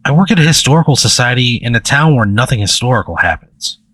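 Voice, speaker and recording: A man's voice: medium pitch, lively intonation, fast talker, a bit bright, slightly rough, dry recording. A man voicing a restless small-town woman who gushes and then turns bitter.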